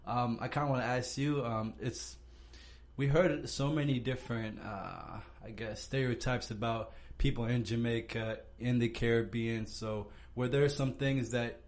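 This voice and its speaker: A man hosting a podcast, chatting in a relaxed, reflective way. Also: medium pitch, unhurried. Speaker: podcast host. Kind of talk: casual chat.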